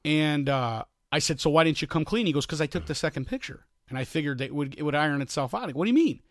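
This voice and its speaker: A man's voice: quick pace, no room sound, studio quality. A man co-hosting a podcast, telling a long anecdote in casual chat and acting out the quoted lines. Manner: animated, acts out quotes with rising pitch. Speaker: podcast co-host.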